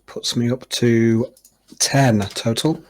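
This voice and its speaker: A man at a tabletop game session, trading jokes and teasing with the table. He talks in a mock-boastful, playful way. His voice sits at an ordinary pitch. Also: fairly even intonation, takes it slowly. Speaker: player. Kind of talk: casual chat at a game table.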